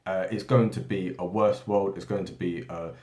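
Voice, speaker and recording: A man from Britain talks through a loose, unscripted monologue, tacking "right?" and "yeah?" onto his points and stumbling over repeated words as he goes. His voice sits on the low side. The room around him rings with a noticeable echo. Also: fairly even intonation, normal speed, a little mellow. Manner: rambling, many tag questions and restarts. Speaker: political commentary channel host. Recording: echoey room.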